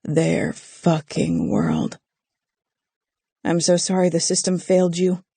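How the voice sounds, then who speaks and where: Narrator doing a haunted young guy, low and clipped, gravelly, dark, dry booth sound. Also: big pitch swings, slow, no echo, heavily acted. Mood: bitter. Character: young man, protective and haunted. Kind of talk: audiobook character voice.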